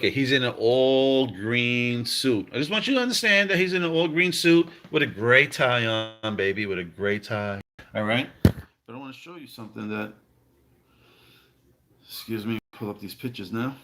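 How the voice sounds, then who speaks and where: A man giving excited, slangy commentary over cartoon clips, repeating himself and calling out to viewers. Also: mid-range voice. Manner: hyped, slangy, repeats phrases, calls out "baby" and "fam". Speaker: crypto commentator.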